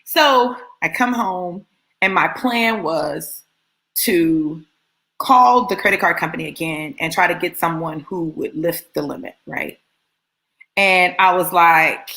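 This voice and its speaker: A woman giving a casual, animated testimony to live viewers, repeating phrases for emphasis as she tells her story. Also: on the low side, measured pace, rough recording. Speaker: motivational speaker addressing live viewers.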